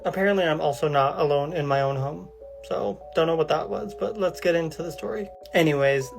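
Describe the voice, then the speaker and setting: A woman reading an online horror post aloud in a calm, measured way. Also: low voice. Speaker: storyteller.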